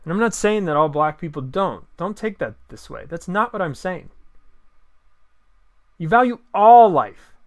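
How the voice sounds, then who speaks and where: A man gives a combative opinion monologue, firing off one sarcastic rhetorical question after another. His voice sits high and sounds bright and forceful. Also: expressive, moderate pace, few pauses. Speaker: political commentator.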